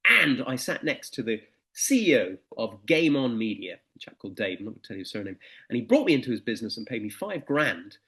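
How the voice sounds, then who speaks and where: Animated middle-aged motivational speaker. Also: male voice, medium pitch, fast talker. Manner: anecdotal, animated storytelling. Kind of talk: motivational presentation.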